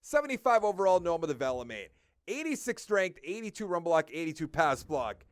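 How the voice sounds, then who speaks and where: A man with a Boston accent talks through a football video game in casual commentary, reading off stats and contract numbers as he decides. His voice sits high and swings up and down a lot. The sound is close and dry. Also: sing-song, brisk, dry recording. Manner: thinking aloud while ticking through stats and numbers. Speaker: gaming video creator.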